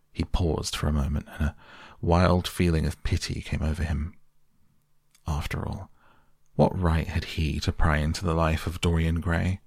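A man reads a classic novel aloud for bedtime, slow, soft and measured. His voice is extremely deep with a gravelly, husky edge, recorded close and dry. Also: no echo. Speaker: podcast reader. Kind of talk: softly read bedtime audiobook.

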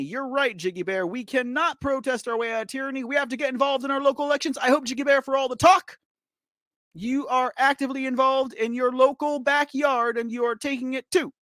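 A man's voice: very high-pitched, fairly quick, dry recording, clean studio sound. A man hosting a political news livestream, chatting and joking with viewers in the chat, teasing them and laughing often. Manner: animated, laughing, teasing, talks straight to viewers. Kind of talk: casual livestream commentary talking to the chat.

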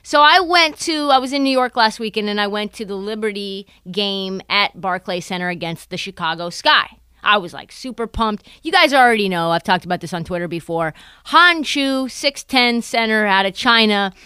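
A woman's voice: mid-range voice, animated, normal speed, bright, forceful tone, clear, resonant tone, no echo. A young adult woman hosting a casual basketball podcast, telling a story with animation and acting out other people's voices. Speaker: podcast host.

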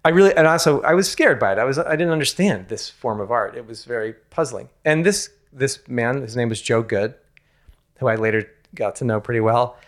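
A former ballet dancer tells a candid personal story in an interview, frank and self-mocking, swearing casually and restarting often. His voice is medium in pitch and brisk.

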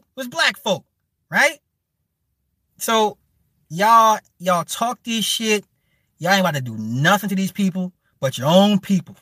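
A man's voice: sits high, fairly bright tone, dry recording. A man delivering a heated, profane, rambling rant as a live streamer talking to his chat. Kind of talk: ranting commentary to a live chat.

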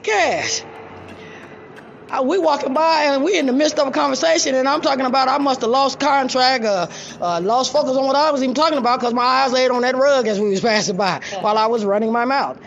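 Woman ranting a story, gravelly and loud, swears a lot, dull lo-fi sound. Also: sits high, quick pace, hardly any pauses, a little hiss or hum. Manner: loud, blunt and profane, laughing often. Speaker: storyteller addressing an audience. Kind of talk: casual storytelling. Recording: dull lo-fi recording.

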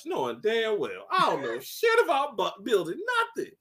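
Animated joking man co-host. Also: high voice, fast talker, few pauses. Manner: animated, joking, slips into mocking voices. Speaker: podcast co-host. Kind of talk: casual chat.

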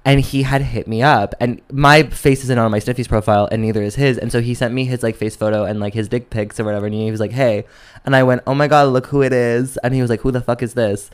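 A man's voice: mid-range voice, quick pace, clear, resonant tone. Sassy young man telling a story. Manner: animated, sassy, acts out quotes. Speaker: podcast co-host. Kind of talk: casual chat, storytelling.

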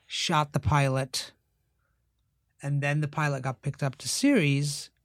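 Animated man telling stories. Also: fairly high pitch, a little slow, dry recording, clean studio sound. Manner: animated, acts out quotes in raised voices. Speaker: actor and writer, guest. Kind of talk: casual storytelling.

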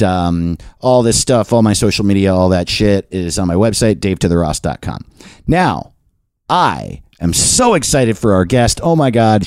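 Guy rambling on his podcast, pitch all over the place, real dry close sound. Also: dry recording. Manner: rambling, self-deprecating, animated. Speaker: podcast host. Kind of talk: casual monologue and chat.

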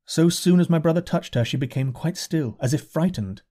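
A man reading a novel aloud as an audiobook narrator in a measured, deliberate way. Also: fairly high pitch, warm tone. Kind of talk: scripted narration.

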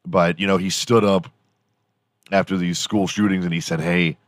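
Low-pitched guy ranting on his morning show, swears a lot, rambles, dry sound. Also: little pitch movement, normal speed, no room sound. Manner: profane, rambling, loose. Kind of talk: casual solo rant.

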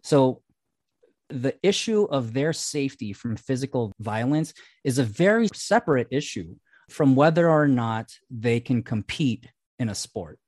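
A man's voice: medium pitch, very animated, measured pace, darkish tone, no echo. A man co-hosting a casual podcast, laying out his view at length after reading a listener's email. His voice sits in a middle register. The sound is dry and close, with no room around it. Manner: reads listener mail aloud, then explains his view at length. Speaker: podcast co-host.

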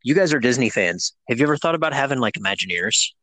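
A man's voice: medium pitch, lively intonation, fast, pushed and bright, no echo. A man co-hosting a podcast, telling stories casually with plenty of fillers. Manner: conversational, storytelling, many fillers. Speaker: podcast co-host. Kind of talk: casual interview chat.

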